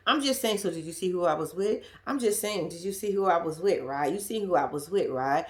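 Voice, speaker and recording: Woman, casual show recap, blunt, profane, sassy, lively pitch. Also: brisk, few pauses. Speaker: reaction commentator.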